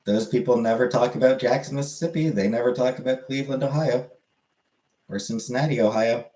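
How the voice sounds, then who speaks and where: A man's voice: medium pitch, fairly quick, mellow. A man hosting a livestream, chatting casually with his viewers and often correcting himself mid-sentence as he rambles. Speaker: livestream host answering chat. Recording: roomy echoey room.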